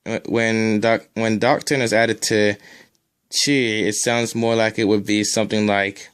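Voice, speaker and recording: A man's voice: lowish voice, level tone, a little slow, a bit bright, clean tone. A man teaching a recorded language lesson, drilling sounds one at a time and adding casual asides.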